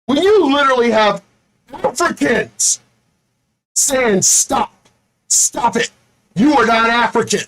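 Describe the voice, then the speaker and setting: A man's voice: high voice, fairly bright tone, a little hiss or hum, rough recording. A man hosting his own video, delivering an angry, profane rant with lots of repetition. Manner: says he is angry and fed up. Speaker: video host.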